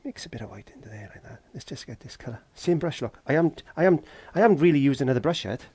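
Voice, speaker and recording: A fast-talking Welsh man with a medium-pitched, darkish, breathy voice sounds animated, with no echo in the recording. He's a painting tutor in a garden shed, offering a casual tutorial while chatting, joking and talking to himself as he works.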